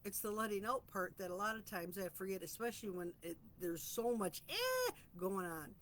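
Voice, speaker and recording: Woman, casual self-help musing, earnest and chatty, medium-pitched voice, faint background noise. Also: sing-song, normal speed, a bit bright. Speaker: host of a weekly reflection vlog.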